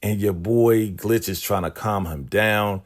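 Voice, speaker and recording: A man casually recapping a TV episode and quickly putting on the voices of the characters he quotes. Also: on the low side. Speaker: recap channel host. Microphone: podcast microphone.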